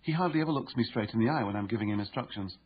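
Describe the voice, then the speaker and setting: A man's voice: fairly low pitch, expressive, rapid-fire, dull audio, a little hiss or hum, close to an everyday voice. A man voicing a big, tough father who is emotional and choking up while he speaks earnestly. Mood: choked up. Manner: choked up, earnest.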